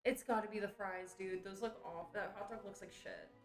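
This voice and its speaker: A woman's voice: mid-range voice, steady tone, brisk, faint music behind. A woman producer in casual, teasing banter with a streamer from off camera. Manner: playful, teasing. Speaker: producer and co-host.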